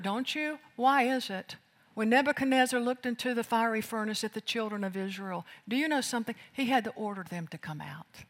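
Preacher in a reverberant hall. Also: mid-range voice. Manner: emphatic, swings from loud declarations to hushed lines. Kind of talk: sermon.

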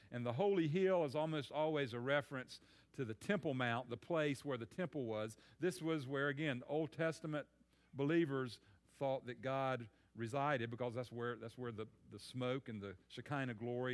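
A man's voice: medium pitch, normal speed. A man preaching a sermon on a psalm in a conversational way, often repeating words as he thinks aloud.

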